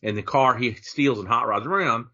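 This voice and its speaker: A man's voice: mid-range voice, moderate pace, pushed and bright, muffled recording. A man co-hosting a podcast, talking casually in opinionated, rambling rants. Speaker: podcast co-host.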